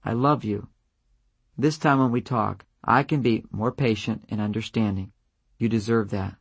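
A man reading an audiobook aloud in a measured, even manner, narrating example letters. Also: on the low side, vocal fry, husky, dry recording. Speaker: audiobook reader.

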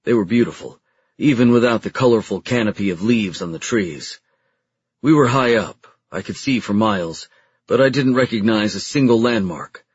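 A man reads a first-person audiobook in a low, husky voice, telling it plainly and matter-of-factly. The recording is dry and somewhat dull. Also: animated, normal speed, no echo. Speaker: narrator.

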